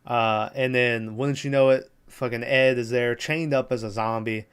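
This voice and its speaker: A man's voice: medium pitch, fairly even intonation, normal speed, clean tone. A young man hosting a podcast, casually recapping a movie plot in a loose, rambling way with lots of fillers and swearing. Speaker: podcast host.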